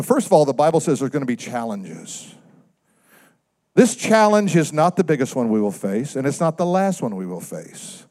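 A pastor delivers his sermon conversationally, frequently posing questions to the congregation. His voice moves between loud, emphatic lines and quiet, low asides.

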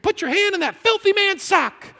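A man voicing a disgusted, scolding wife in an exaggerated falsetto. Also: animated, moderate pace, sharp tone, heavily acted. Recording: long hall reverb.

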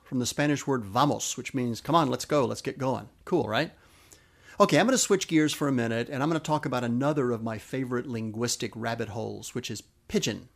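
A man's voice: medium pitch, gravelly. A man hosting a podcast, explaining where words come from with eager enthusiasm and spelling terms out letter by letter. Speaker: podcast host.

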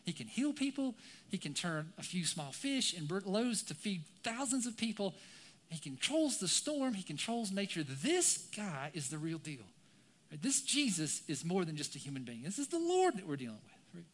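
A man preaching a sermon to a congregation and online viewers, animated and conversational, often checking in with "right?". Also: sits high, moderate pace. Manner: animated, keeps asking "right?". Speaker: pastor. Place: church, some viewers online.

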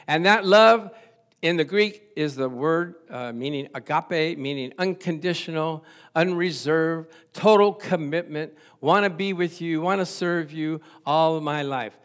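A man in his sixties, a pastor preaching a sermon, animated and chuckling, acting out little dialogues as he goes. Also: a little high, normal speed.

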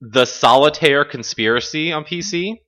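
A man's voice: fairly high pitch, normal speed, pushed and bright. A man hosting a casual gaming podcast, laid-back, laughing often as he reads through lists. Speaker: podcast host. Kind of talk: casual chat.

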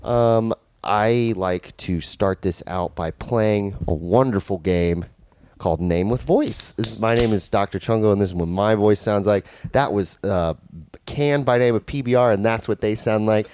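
A man's voice: lowish voice, normal speed, darkish tone, clear, resonant tone, no room sound, studio quality. A man hosting a podcast, talking in a loose, rambling, profane way. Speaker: podcast host. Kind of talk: casual podcast chat.

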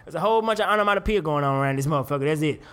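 A young man hosting a casual commentary show, animated and profane, laughing often. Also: fairly high pitch, very fast. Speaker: podcast host.

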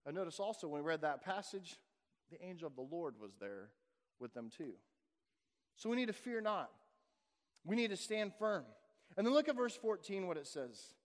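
Guy preaching a sermon, high voice, lots of punchy questions, big hall echo. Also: very animated, moderate pace, pauses often. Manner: emphatic preaching with rhetorical questions. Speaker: pastor. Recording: long hall reverb.

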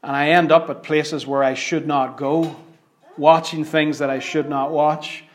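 A man preaching a sermon, his voice sitting a little high for a man. He drives his points home loudly, then drops to hushed near-whispers. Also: level tone, a little slow. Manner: dramatic swings from loud emphatic declarations to hushed near-whispers.

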